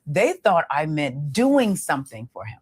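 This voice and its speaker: A woman relationship coach talking in a podcast interview, explaining in a measured way with pauses. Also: low voice, very animated, a little mellow, breathy edge.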